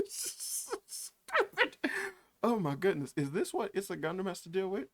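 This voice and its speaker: A man's voice: high-pitched, expressive, normal speed. A man doing reaction commentary on a video, mocking, swearing and often breaking into laughter. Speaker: YouTube commentator.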